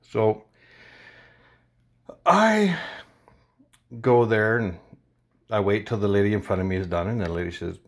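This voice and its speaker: A man vlogger casually recounting a confrontation in an animated, indignant way. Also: on the low side, measured pace, long pauses. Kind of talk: casual storytelling to camera.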